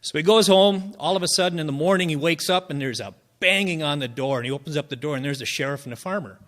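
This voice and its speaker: Folksy open-mic joke teller, a man with a slightly high voice who rambles through setups. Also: quick pace, fairly bright tone. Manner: folksy, rambling storytelling with fillers. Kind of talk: telling jokes at an open mic.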